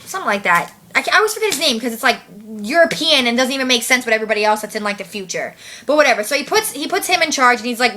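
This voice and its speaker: Woman vlogger, bright higher voice, slangy casual movie recap. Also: animated, very fast. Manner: chatty, slangy, heavy use of "like", swears.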